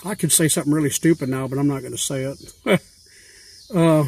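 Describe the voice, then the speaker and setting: A man's voice: a little high, brisk, a little mellow. A man talking in a chatty, rambling way with loose everyday grammar, posing questions to a fellow YouTuber. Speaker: YouTuber asking giveaway questions. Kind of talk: casual rambling vlog talk.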